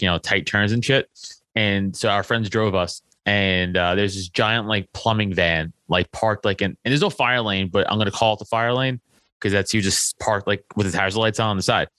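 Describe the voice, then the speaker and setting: A young man from Staten Island, a comedian guest, telling stories in a casual interview, animated and profane with many filler likes. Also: fairly low pitch, dry recording. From Staten Island, New York.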